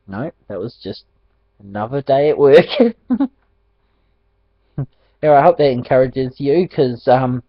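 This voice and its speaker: Kiwi guy telling a faith story, lively and laughing, muffled lo-fi sound, dry. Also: mid-range voice, no echo. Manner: animated storytelling, laughs often. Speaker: ministry speaker. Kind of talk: telling a personal faith testimony. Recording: dull dry lo-fi recording.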